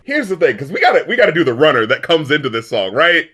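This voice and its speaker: A man co-hosting a casual album review podcast, animated and joking, often laughing and acting out lyrics. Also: a little high, fast, husky. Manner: animated, laughs a lot, acts out lyrics in silly voices. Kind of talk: casual comedic review chat.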